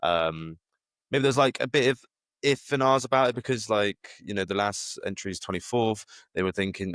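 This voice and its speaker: Low guy musing out loud, lots of ums, dry close sound. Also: normal speed, dry recording. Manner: rambling, hesitant with many fillers and restarts. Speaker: podcast co-host. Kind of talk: casual chat.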